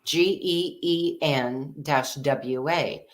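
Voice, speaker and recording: A woman's voice: deep voice, extremely slow. A woman co-hosting a casual advice talk show, chatty and encouraging. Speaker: co-host.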